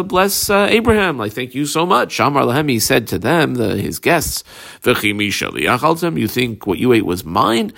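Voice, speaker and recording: A man teaching a Talmud passage line by line. He reads Hebrew and Aramaic phrases, then translates them in halting English with frequent filler pauses. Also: medium pitch, creaky, a bit bright.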